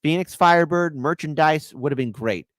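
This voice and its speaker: A man's voice: on the high side, normal speed, no echo. A man hosting a live stream, commenting on clips in a sarcastic, mocking way. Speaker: livestream host.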